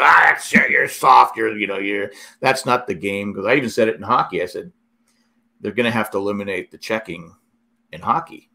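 A middle-aged man in casual chat, telling rambling, animated stories with many restarts. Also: on the low side.

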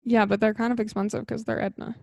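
Young woman podcast co-host, bubbly and upbeat, slightly high voice, dry sound. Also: level tone, fast, vocal fry, darkish tone, no room sound. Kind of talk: casual podcast chat.

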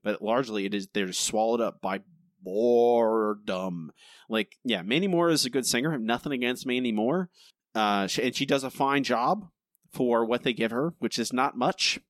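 A man's voice: medium pitch, animated, a little fast, fairly bright tone, no echo, clean studio sound. A young man co-hosting a podcast, ranting in a casual, exasperated way and repeating his points. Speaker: podcast co-host.

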